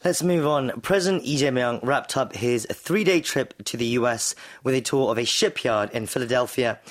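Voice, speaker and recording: A man hosting a news radio show in a studio, speaking with a hoarse, sore-throated voice. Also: mid-range voice, normal speed. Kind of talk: scripted news radio presenting. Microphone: studio microphone.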